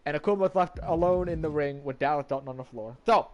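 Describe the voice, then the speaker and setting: A man's voice: fairly high pitch, fast, dull audio. A man streaming a game, casually recapping its story in a rambling way, restarting sentences and swearing now and then.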